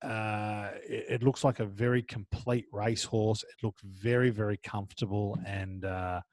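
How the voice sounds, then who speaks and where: A man with an Australian accent co-hosting a casual horse racing tips podcast, chatty and joking, trailing off quieter at the end of thoughts. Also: lowish voice, fairly even intonation, normal speed, no room sound. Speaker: podcast co-host.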